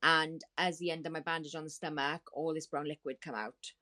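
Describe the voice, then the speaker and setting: A woman guest on a talk show, telling a painful story in a halting, distressed way with many restarts. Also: low voice, steady tone, pushed and bright. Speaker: podcast guest. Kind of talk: emotional storytelling.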